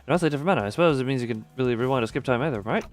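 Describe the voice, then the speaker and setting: A man streaming a game, rambling excitably as he reads the story and rolls dice for his chat. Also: medium pitch, rapid-fire.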